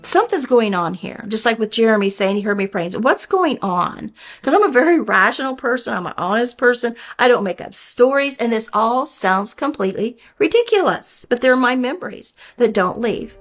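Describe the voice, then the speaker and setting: A woman's voice: on the high side, very animated, normal speed, faint music behind. An older woman earnestly recounting a personal experience in plainspoken, folksy speech. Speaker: storyteller recounting a near-death experience. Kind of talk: personal storytelling.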